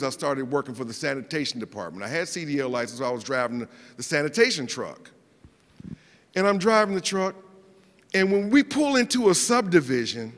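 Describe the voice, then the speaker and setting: In an event hall with long reverb, a middle-aged male guest speaker shares personal stories in an animated way. His voice runs on the high side, and he often repeats words and acts out the people he quotes.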